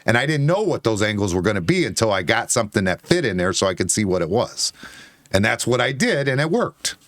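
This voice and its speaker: A man's voice: fairly low pitch, sing-song, quick pace, a bit bright, no room sound, clean studio sound. A man arguing heatedly on a bar-talk show, defensive and insistent, swearing and repeating himself. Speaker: co-host.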